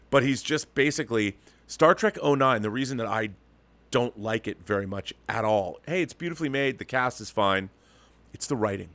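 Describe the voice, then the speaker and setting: A man delivers an opinionated solo commentary in an emphatic, ranting way, often restarting and repeating words as he presses his point. His voice sits at an ordinary middle pitch. The sound is dry and close, with no room echo. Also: fairly bright tone. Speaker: show host.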